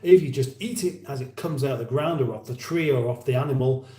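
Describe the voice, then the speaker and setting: Brisk and dark-toned in a mid-range voice, the livestream host from England reads out viewer comments and rambles with dry wit during a casual chat. A roomy echo surrounds him.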